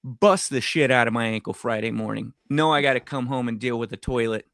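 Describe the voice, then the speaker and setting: A middle-aged man, co-hosting a podcast and telling an animated story in casual chat, swearing freely. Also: mid-range voice, a little fast, no room sound, clean studio sound. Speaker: podcast co-host.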